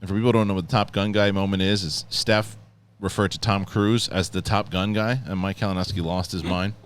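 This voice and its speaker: A middle-aged man hosting a podcast in casual chat, joking and sarcastic. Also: low voice. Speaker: podcast host.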